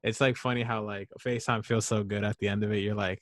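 A man, a podcast co-host on a video call, teasing the others with quick interjections. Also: lowish voice, flat delivery, dry recording. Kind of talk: casual chat over video call.

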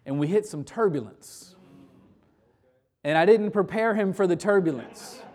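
A pastor with a medium-pitched, slightly mellow voice leads a closing prayer and tells an anecdote within a conversational sermon. His storytelling often restarts phrases.

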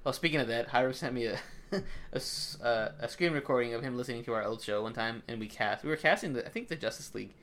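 A man's voice: medium pitch, fast talker, fairly bright tone. A man co-hosting a casual podcast, joking, laughing often and swearing freely. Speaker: podcast co-host. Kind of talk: casual chat.

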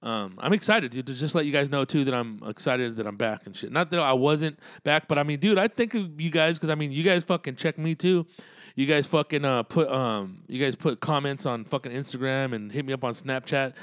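A man's voice: medium pitch, a little fast, fairly bright tone, no echo, studio quality. Foul-mouthed rambling man on a podcast. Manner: rambling, heavy cursing, street slang. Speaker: podcast host and comedian. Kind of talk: casual podcast monologue.

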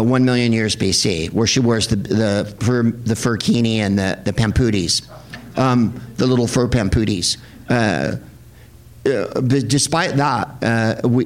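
A man hosting a film screening, talking to a live audience in a rambling, sardonic, profane comic style. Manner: rambling, sardonic, profane, with sudden high-pitched put-on voices.

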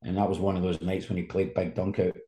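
A man's voice: deep voice, level tone, fast talker, mellow. A man, a sports journalist telling a rambling story as a guest. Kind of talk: casual anecdote telling. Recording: roomy echo.

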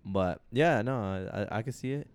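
A man's voice: lowish voice, normal speed, smooth. A man co-hosting a casual podcast, rambling and joking as he leads topics. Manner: laid-back, rambling, joking. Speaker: podcast co-host.

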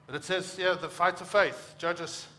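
Pastor guy from africa preaching, bright voice, chatty and animated, acts out little quotes. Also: sits high, normal speed, slight background noise. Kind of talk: sermon.

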